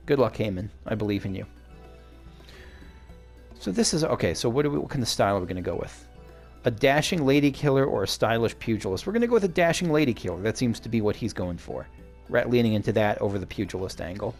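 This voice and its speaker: Enthusiastic let's play host, lively, gravelly, chats over game music. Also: male voice, on the low side, fast talker. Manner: chatty, enthusiastic, self-interrupting. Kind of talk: casual game commentary.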